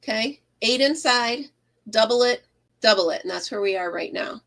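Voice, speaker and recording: A woman's voice: fairly high pitch, lively intonation, normal speed, vocal fry, a bit bright. A woman chatting casually on a home crochet livestream, rambling, laughing often and greeting viewers by name. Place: craft room at home.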